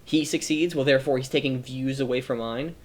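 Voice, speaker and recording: In a steady, medium-pitched voice at a fairly quick pace, a man streams an emotional personal monologue, near tears. He's reflective and earnest but rambles, often restarting sentences to correct himself.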